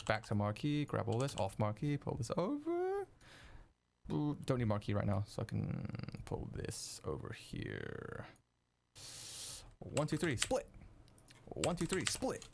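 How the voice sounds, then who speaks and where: A young man streaming while he edits video, chatting casually with viewers, excitable and swearing freely. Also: medium pitch, unhurried, creaky, long pauses, slight background noise. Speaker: streamer editing video live. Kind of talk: casual live-stream chat.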